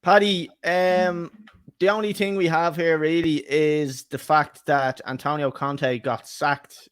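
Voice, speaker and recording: A man's voice: medium pitch, no room sound, clean studio sound. A man co-hosting a football podcast, chatty and laughing, swearing freely in casual banter. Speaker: podcast co-host. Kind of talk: casual chat.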